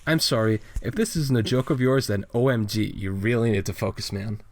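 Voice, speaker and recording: A crude, exasperated young guy from a comic, sneering and incredulous, as a man reads his lines. The voice is pitched a little above the reader's usual low tone and pushed louder. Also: fairly quick, lightly acted.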